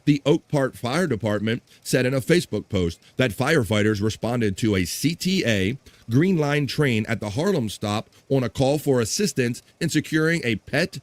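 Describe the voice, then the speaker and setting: A man's voice: medium pitch, animated, moderate pace, no room sound. Chatty man hosting a live stream. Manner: chatty, laughs often, reads chat comments aloud. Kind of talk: casual live-stream chat.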